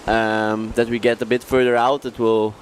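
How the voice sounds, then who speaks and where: A man co-commentating live on a sports event, relaxed and plain-spoken. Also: on the low side, moderate pace. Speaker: co-commentator, athlete. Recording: faint outdoor noise.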